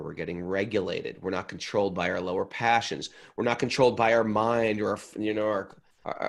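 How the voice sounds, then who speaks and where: Gravelly, animated man teaching scripture. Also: mid-range voice. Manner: animated, jokey, acts out voices. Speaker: spiritual teacher. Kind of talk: casual scripture class.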